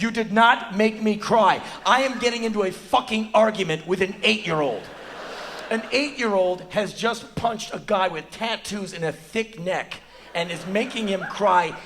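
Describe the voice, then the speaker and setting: An American man in his forties telling a profane, animated story on a theater stage, acting out other people's lines in a high voice. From United States. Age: 40s. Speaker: spoken word performer. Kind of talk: live spoken word storytelling. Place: theater stage before an audience.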